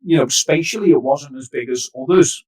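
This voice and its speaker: A man chats on a podcast as a DJ guest, telling long, sweary stories full of restarts in a fairly high voice. His mic sounds distant and doubled, as if two channels were left on. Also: fairly quick, a little mellow, breathy edge. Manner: sweary, rambling storyteller with restarts. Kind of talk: casual podcast chat.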